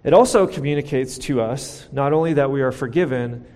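A man's voice: medium pitch, a little fast, a little mellow. A man preaching a sermon as a pastor, teaching earnestly and posing rhetorical questions to his congregation. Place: church sanctuary. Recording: church hall with long reverb.

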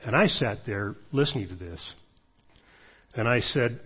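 A middle-aged man, a pastor, preaching a sermon in a measured storytelling way, pausing often with fillers. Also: medium pitch, expressive, slightly rough. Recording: dull lo-fi sermon recording.

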